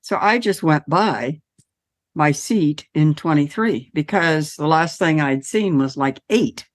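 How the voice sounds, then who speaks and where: Podcast host, woman, low voice, chatty and animated. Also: takes it slowly. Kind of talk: casual interview.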